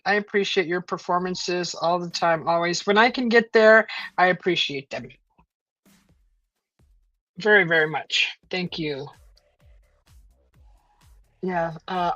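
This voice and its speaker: A woman's voice: lowish voice, fairly bright tone, no room sound. A woman hosting a casual live stream from home, reading out chat messages and rambling with many fillers and restarts. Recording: dull lo-fi stream audio.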